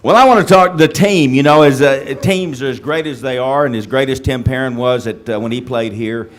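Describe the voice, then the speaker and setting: A man's voice: mid-range voice, a little fast. A man hosting a reunion panel, asking teasing, joking questions. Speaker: host. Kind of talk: moderating a panel.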